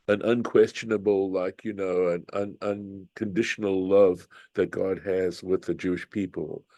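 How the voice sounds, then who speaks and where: A rabbi in his later years leads an unhurried scripture study, thinking aloud and circling back to rephrase. His voice sits very low and mellow. It is recorded close and dry. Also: no echo. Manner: thoughtful, unhurried, reflective with many restarts. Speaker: rabbi teaching Torah study. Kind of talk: informal scripture lesson.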